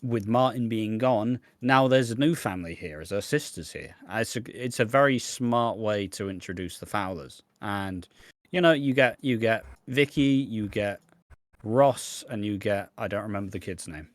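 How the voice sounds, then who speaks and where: A man's voice: lowish voice, normal speed, dry recording. Guy on a podcast, dry close sound, gets worked up and does little voices for the characters. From Britain. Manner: animated, acts out scenes in other voices. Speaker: podcast co-host. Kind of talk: casual chat.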